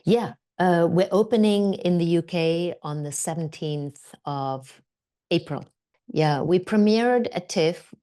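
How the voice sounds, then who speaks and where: Middle-aged woman, slightly low voice, chatty interview guest who acts out quotes. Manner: animated storyteller, acts out quoted voices, many fillers and restarts. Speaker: guest actor and director. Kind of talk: casual interview conversation.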